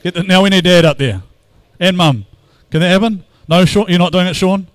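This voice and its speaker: Chatty New drift commentator. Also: male voice, high-pitched, brisk, no room sound. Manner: chatty, teasing banter with the crowd. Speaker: event commentator. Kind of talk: live event commentary. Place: outdoor drift track.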